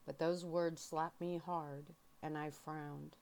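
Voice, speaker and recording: A woman reads a novel aloud in a soft-spoken ASMR style. Her voice sits low and moves slowly, carrying quiet emotion through the first-person story. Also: level tone. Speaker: audiobook reader.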